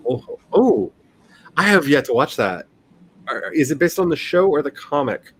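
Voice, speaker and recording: A man's voice: a little high, very animated, moderate pace, pauses often, breathy edge. A man in his forties chatting casually on a livestream, rambling along, reading his chat and laughing often. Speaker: livestream host, writer.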